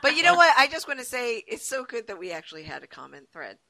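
Giggly animated woman podcaster. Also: on the high side, quick pace. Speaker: podcast co-host. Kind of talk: casual chat.

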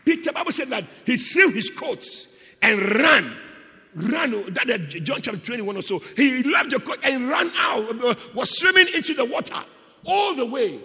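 A man preaching a sermon as a pastor, impassioned, surging from hushed lines to shouts. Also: very high voice, lively intonation, moderate pace, in a large hall, a little hiss or hum.

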